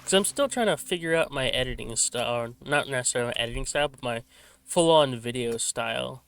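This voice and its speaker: Bright-voiced rambling gaming vlogger. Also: male voice, medium pitch, fast, clean tone. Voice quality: slight stutter. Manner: rambling, self-correcting, frequent restarts. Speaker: gaming channel host. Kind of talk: laid-back rambling commentary while playing. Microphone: desk microphone with a simple filter.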